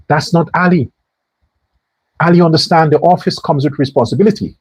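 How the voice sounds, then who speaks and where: A man's voice: a little high, a little fast, pauses often, darkish tone, breathy edge, dry recording. A man hosting a political commentary show, delivering a sarcastic and preachy rant. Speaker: host.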